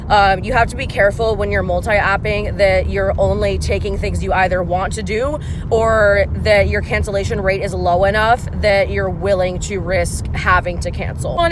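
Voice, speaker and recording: A woman in her twenties, chatty and animated, telling a story as a gig-worker vlogger while in her car. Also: mid-range voice, noisy background. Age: 20s. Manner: chatty, animated, many fillers. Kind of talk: casual storytime vlog.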